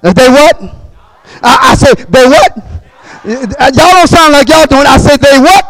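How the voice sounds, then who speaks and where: Guy preaching real high-pitched, dry sound, hollers and calls out to the crowd. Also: no echo, poor audio. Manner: call-and-response preaching, bursts of shouting, quick repetitions. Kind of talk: sermon.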